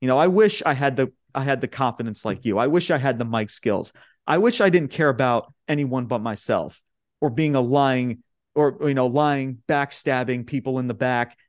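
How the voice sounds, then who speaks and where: A man's voice: medium pitch, moderate pace, no room sound, clean studio sound. A young man from Long Island, casually recapping wrestling promos on a podcast and acting out the quotes with laughs. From Long Island, New York. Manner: animated retelling, quoting wrestlers with laughs. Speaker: podcast host.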